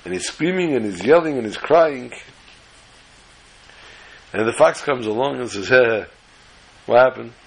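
A man's voice: mid-range voice, lively intonation, normal speed, pauses often, slightly rough, low-quality recording. A man giving an emphatic, lecturing sermon-style scripture lesson as a religious teacher.

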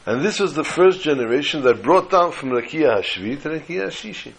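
A man teaching a Torah class, telling a story and drawing slow, emphatic lessons from the text. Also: fairly high pitch, animated, gravelly, husky, poor audio. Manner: storytelling, acting out dialogue with slow emphatic phrases.

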